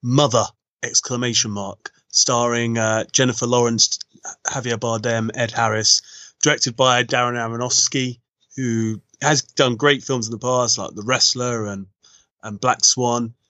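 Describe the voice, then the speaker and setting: A man's voice: mid-range voice, steady tone, a little slow, bright, forceful tone, no echo, lo-fi sound. A man co-hosting a casual film podcast, reading reviews aloud in an easygoing, hesitant way.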